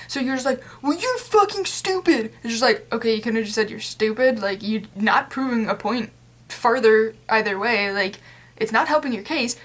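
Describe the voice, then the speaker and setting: A woman's voice: a little high, fairly bright tone. A young adult woman talking straight to camera in a casual vlog rant, rambling and exasperated, with lots of fillers. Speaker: vlogger.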